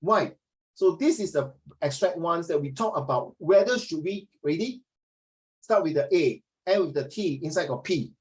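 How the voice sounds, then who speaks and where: A man's voice: on the high side, animated, moderate pace, rough recording. Chatty Singaporean man tutoring online. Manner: rambling, chatty, sprinkles "ah" and "lah", code-switches into Mandarin. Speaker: social studies tutor. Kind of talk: online class lecture.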